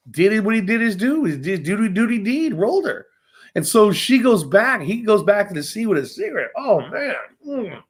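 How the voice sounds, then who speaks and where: Profane, animated man telling myths. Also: high-pitched. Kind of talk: casual storytelling chat.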